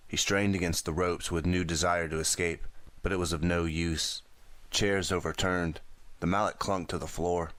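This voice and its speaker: A man reading a teen thriller audiobook aloud in a steady, dramatic storytelling manner. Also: sits low, normal speed, no echo. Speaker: audiobook narrator.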